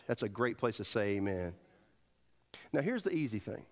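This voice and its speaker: A man preaching a sermon as pastor, swinging between loud emphatic peaks and hushed quoted lines, and leading the congregation to repeat after him. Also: on the high side, big pitch swings, brisk. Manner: leads the congregation in call and response.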